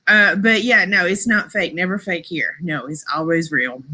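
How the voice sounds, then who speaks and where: A woman's voice: on the low side, unhurried, pushed and bright. A woman hosting a casual live stream, chatting and rambling to her viewers, laughing often and saying y'all.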